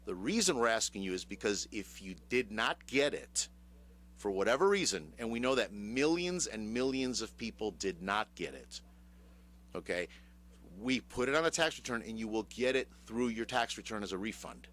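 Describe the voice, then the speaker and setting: A man's voice: fairly low pitch, sing-song, moderate pace, fairly bright tone. Sardonic man with a Chicago accent. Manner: sardonic, asks his co-host rhetorical questions. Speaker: radio talk show host on taxes. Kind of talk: casual radio talk. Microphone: studio microphone.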